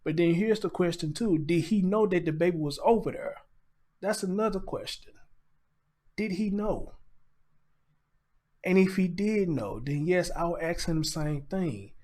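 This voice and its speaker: A man hosting a live stream, his slightly raised voice tight with grief. He keeps pushing back tears and speaks directly to his audience in a heartbroken, halting way. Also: high-pitched, warm tone. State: tearful, choked up. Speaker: livestream host. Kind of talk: emotional live commentary.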